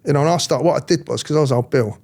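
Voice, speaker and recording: A middle-aged man telling his story in an interview, animated, acting out other people's voices, often restarting his sentences. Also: a little high, rapid-fire, gravelly. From England. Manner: animated, acts out quoted voices, frequent restarts. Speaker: interviewee, former police officer.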